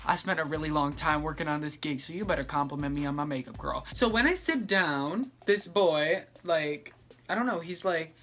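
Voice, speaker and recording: A man's voice: on the high side, moderate pace, pushed and bright. A young man telling a story in a casual vlog, sassy and dramatic, acting out each person he quotes.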